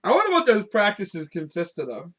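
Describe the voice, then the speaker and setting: Lively high-voiced man, laughing. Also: normal speed. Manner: lively, laughs often, swears. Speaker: podcast co-host. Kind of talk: casual chat.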